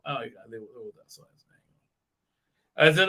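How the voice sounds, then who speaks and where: A man's voice: medium pitch, lively intonation, moderate pace, pauses often, sharp tone. A man recapping a show on a live stream, mocking it and acting out the characters in silly voices, with many fillers.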